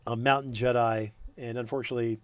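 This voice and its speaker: A man running a tabletop game as game master, talking in a rambling, hesitant way with many pauses. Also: mid-range voice, little pitch movement, clear, resonant tone, no echo. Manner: rambling, hesitant, lots of ums.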